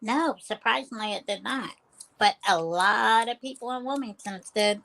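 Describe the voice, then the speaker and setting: A woman's voice: a little high, moderate pace, gravelly, a bit bright. A woman co-hosting a podcast in casual chat, playful and a little defensive. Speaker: podcast co-host.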